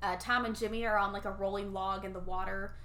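A woman's voice: medium pitch, fast talker, echoey room. A woman casually recapping a movie with lots of "like" and acted-out quotes. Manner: animated, filler-heavy, acts out quotes. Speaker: podcast co-host recapping a film. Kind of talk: casual chat.

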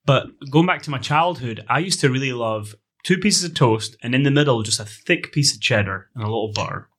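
A man's voice: mid-range voice, animated, fairly quick, a bit bright. A man co-hosting a casual podcast, joking and arguing his point with playful asides. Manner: joking, argumentative, trails into asides. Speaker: podcast co-host. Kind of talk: casual chat.

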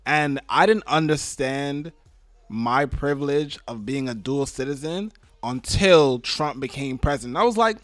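An American man chatting casually, animated and slangy, swearing and laughing. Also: medium pitch, unhurried, dry recording. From United States. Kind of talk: casual political chat.

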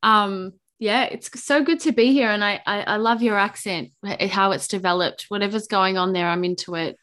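Australian woman guest, animated and chatty, middle pitch. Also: moderate pace. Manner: animated, chatty, restarts often. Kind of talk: podcast interview.

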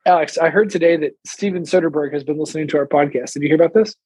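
Laughing, husky-voiced man podcasting. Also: on the high side, rapid-fire, darkish tone, no echo. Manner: jokey, laughs often. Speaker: podcast co-host. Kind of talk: casual chat. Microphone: video call.

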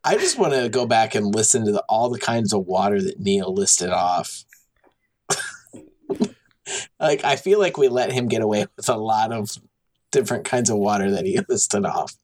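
Brief: giggly man co-hosting a podcast, slightly low voice, chatty and rambling. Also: lively intonation, normal speed, a little mellow. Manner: giggly, keeps talking past the wrap-up. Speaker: podcast co-host. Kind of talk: casual podcast chat.

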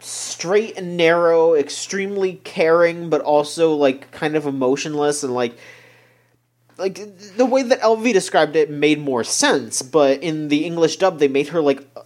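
A man's voice: on the high side, unhurried. A young man talking casually about a show he watched, rambling with lots of fillers and restarts. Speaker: podcast co-host. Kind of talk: casual chat reviewing an anime.

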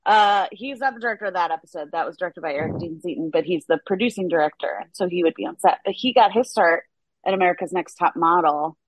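A woman's voice: on the low side, fast talker. A woman TV writer, a podcast guest, chatting casually with lots of fillers and frequent laughs. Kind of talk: casual interview chat.

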